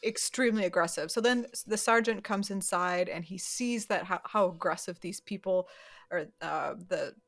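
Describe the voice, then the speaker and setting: A woman co-hosting a podcast, recapping a show in casual chat and acting out characters' lines. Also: lowish voice. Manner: chatty, acts out characters' lines in quick paraphrase. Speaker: podcast co-host.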